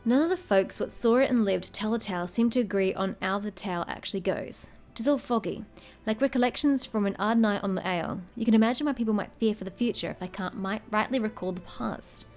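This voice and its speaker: A hearty middle-aged tavern keeper from a fantasy port town, read out by a woman with a mid-range voice. He spins a gloomy yarn about the town's troubles in a loose, half-hearted rough accent. Faint game music plays underneath. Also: mid-range voice, fairly quick, a little mellow, natural voice. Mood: storytelling. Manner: reads lines aloud with a brief attempt at a rough accent.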